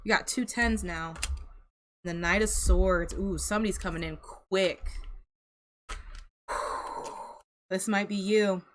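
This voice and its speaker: A woman's voice: mid-range voice, slow pace, pauses often, a little hiss or hum. A young woman giving a casual tarot reading to camera, chatty and sympathetic, laughing and sighing often. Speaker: tarot reader.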